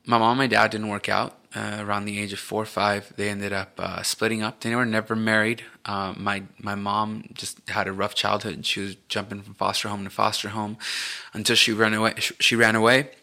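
A man co-hosting a podcast, telling his own life story in a halting, reflective way with many fillers. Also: fairly low pitch, flat delivery, gravelly, sharp tone. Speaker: podcast co-host. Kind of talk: candid personal storytelling.

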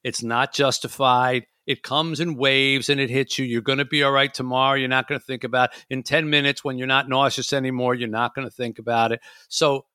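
A man's voice: mid-range voice, fairly quick, few pauses, clean tone, dry recording, studio quality. A man hosting a casual talk show, chatting and acting out his own inner voice. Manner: animated, acts out his inner voice. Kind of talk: casual chat.

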